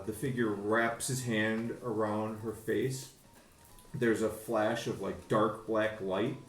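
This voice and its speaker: A man narrating a tabletop game as game master, halting, with many fillers. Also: fairly low pitch. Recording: echoey room, faint music.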